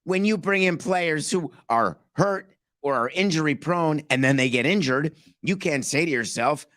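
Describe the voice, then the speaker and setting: A man's voice: a little high, lively intonation, normal speed, a bit bright, dry recording, clean studio sound. Sarcastic male sports podcast host. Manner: sarcastic, playful, mock courtroom framing.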